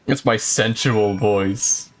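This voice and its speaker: A man streaming a game and giving joking, crude, self-mocking commentary. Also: fairly low pitch. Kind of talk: casual gameplay commentary.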